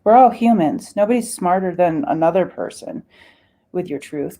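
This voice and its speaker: Soft-voiced woman guiding a meditation. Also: fairly low pitch, lively intonation. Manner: soft, drawn-out, soothing, with chanted syllables and sighs. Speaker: spiritual meditation guide. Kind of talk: guided meditation with chanted light language.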